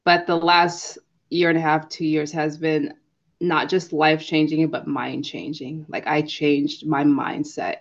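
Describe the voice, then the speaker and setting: Earnest young mother on a dull line. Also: low voice. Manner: earnest, reflective. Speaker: podcast guest. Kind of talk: casual interview chat.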